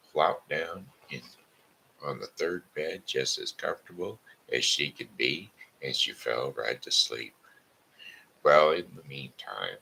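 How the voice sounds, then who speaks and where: A man hosting a live show, stuffy from sinus trouble, reading a story and scripture aloud in a slow, halting way. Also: a bass voice, vocal fry, sharp tone, slight background noise, rough recording. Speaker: host of a live blog show.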